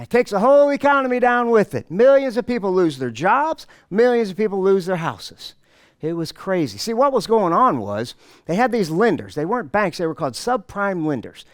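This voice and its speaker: A middle-aged man giving a storytelling presentation to an audience, animated and self-mocking, acting out the dialogue. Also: sits high, dry recording, studio quality. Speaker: motivational speaker.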